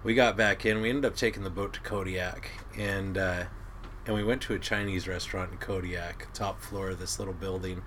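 Middle-aged man, boat captain type, gruff and animated storyteller, forceful tone. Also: deep voice, normal speed, a little hiss or hum. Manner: gruff, animated storyteller who laughs at his own tales. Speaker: crab boat captain, guest. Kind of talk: casual storytelling.

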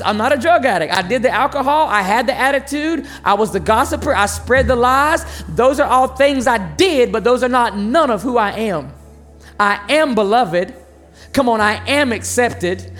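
A preacher giving a sermon in a conversational, emphatic way, with sudden swings between loud and soft. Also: medium pitch.

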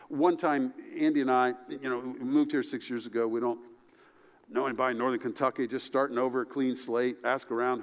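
An animated male pastor preaching a sermon in a church hall with a long, ringing echo. His voice sits a little high for a man. He climbs for emphasis and then drops low and soft.

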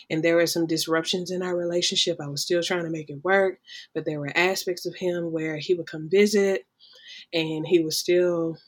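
A woman guest giving a personal testimony in a podcast conversation, telling her story animatedly. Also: lowish voice. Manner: animated storyteller, acts out quotes loudly.

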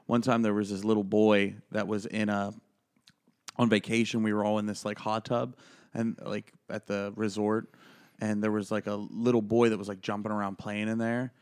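A young adult man co-hosting a comedy podcast, telling animated, crude anecdotes. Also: on the low side, moderate pace, clean tone. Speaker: podcast co-host. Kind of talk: casual comedic chat.

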